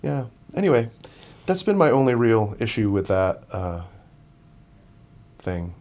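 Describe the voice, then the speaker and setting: A man's voice: mid-range voice, very animated, unhurried, darkish tone. A man, a podcast guest, telling a long story in casual chat, with many restarts and fillers.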